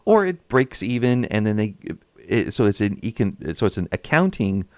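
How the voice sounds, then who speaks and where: Low-voiced man, animated history commentary. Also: normal speed, no room sound. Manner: animated, acts out nations in voices, chuckles. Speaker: history and strategy game commentator.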